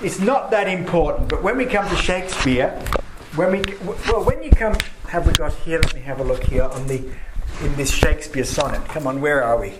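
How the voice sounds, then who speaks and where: A man's voice: fairly high pitch, lively intonation, a little fast, heavy background noise. A man teaching a class about poetry, reading verse aloud with strong stresses on the key words. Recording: echoey classroom with faint ambience.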